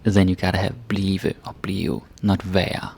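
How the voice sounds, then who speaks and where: A man teaching a casual grammar lesson, relaxed and checking in with "right?" and "eh?" as he explains. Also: deep voice, measured pace, vocal fry, breathy edge. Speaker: language teacher.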